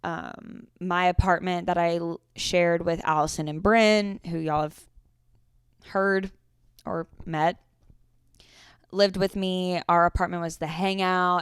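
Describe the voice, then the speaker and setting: A woman in her twenties hosts a casual solo podcast, telling stories in a chatty way and swearing often. Her voice sits on the low side with a clean tone, captured in a dry, studio-quality recording.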